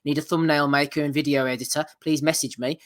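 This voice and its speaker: A man's voice: on the high side, fairly even intonation, fast talker. A man hosting a podcast, reading out listener nominations in casual chat and laughing often.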